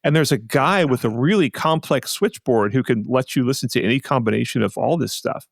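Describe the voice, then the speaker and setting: Man, podcast co-host, rambling casual chat, restarts a lot, gravelly, dry. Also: mid-range voice, a little fast, no room sound. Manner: rambling, with many restarts and asides.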